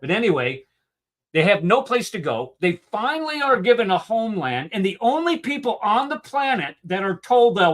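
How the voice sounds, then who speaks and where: A man's voice: high-pitched, sing-song, moderate pace, a bit bright. A man from the United States hosting a show, giving emotional, sarcastic commentary on a video he is critiquing. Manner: emotional ranting; sarcastic, indignant. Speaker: host.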